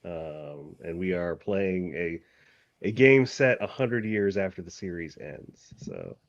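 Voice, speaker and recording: Lively low-voiced man, dull lo-fi sound. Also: slow pace, no echo. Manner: animated, self-mocking, laughs often. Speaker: author and game master. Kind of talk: casual chat. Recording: dull lo-fi audio.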